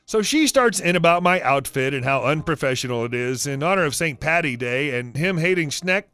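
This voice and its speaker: A man narrating reddit stories aloud, with lively storytelling and acted quotes. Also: fairly high pitch, a little fast, smooth, dry recording, faint music behind.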